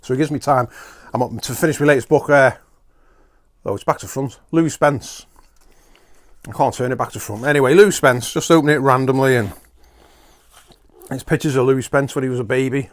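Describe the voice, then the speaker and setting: A man's voice: mid-range voice, fairly quick, long pauses. A man hosting a podcast, rambling through a chatty, self-mocking solo comic monologue. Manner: talks while eating at times. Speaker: podcast host.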